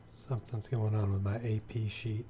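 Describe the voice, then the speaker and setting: A man's voice: fairly low pitch, flat delivery, normal speed, background noise. A man running a tabletop game as game master, encouraging the players and explaining the rules step by step.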